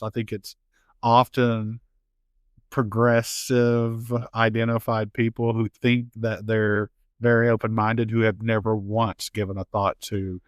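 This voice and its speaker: A man with a warm Appalachian accent talks in a relaxed interview, spinning animated stories and slipping into the voices of people he quotes. He laughs easily between points. The sound is close and dry, with no room around it. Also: fairly low pitch, dry recording. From Appalachian United States. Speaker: author and guest. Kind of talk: casual interview conversation.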